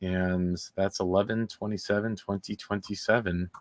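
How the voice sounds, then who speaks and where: A man hosting a true-crime commentary show in a casual, indignant and sarcastic way, halting often and restarting his sentences. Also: sits low, little pitch movement, dry recording.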